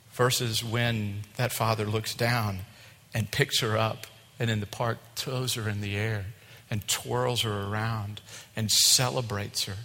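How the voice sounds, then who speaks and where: A middle-aged male pastor preaching a sermon with a mic, swinging between loud passion and hushed tones. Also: medium pitch. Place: church. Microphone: wearing a mic. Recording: long reverb of a large hall.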